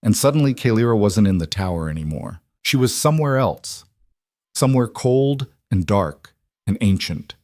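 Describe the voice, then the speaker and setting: Male storybook narrator, steady and dramatic, low and dry. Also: normal speed, no echo. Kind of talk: scripted narration.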